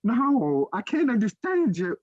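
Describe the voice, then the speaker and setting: A man with the speech of a deaf person, co-hosting a casual chat and telling lively stories. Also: unhurried, dry recording, dull audio. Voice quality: deaf speech that listeners hear as unusual. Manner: animated storyteller, swings his pitch widely. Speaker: podcast co-host.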